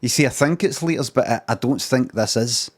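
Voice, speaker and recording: A man's voice: medium pitch, normal speed. A middle-aged man with a Scottish accent, ranting in a rambling improvised comic monologue full of swearing and repeated phrases. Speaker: live streamer.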